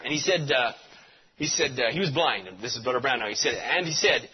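Husky, lively-voiced male preacher. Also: medium pitch, a little fast, lo-fi sound. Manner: animated storyteller, repeats amen. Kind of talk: sermon.

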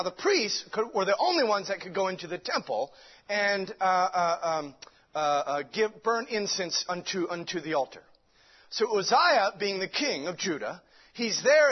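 A man's voice: high-pitched, slightly rough. A man preaching a sermon with fervent delivery, stumbling over restarts and many fillers. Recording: dull lo-fi recording.

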